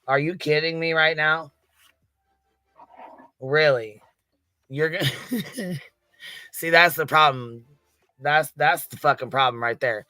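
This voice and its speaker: A man with a forceful, clean, resonant voice rants in disbelief on a livestream. He swears constantly and sounds fed up. His voice sits a bit high for a man, and the sound is dry and close to the mic. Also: slow pace, pauses often, no room sound. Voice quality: swears constantly, incredulous ranting. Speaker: livestream commentator. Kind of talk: heated profane commentary.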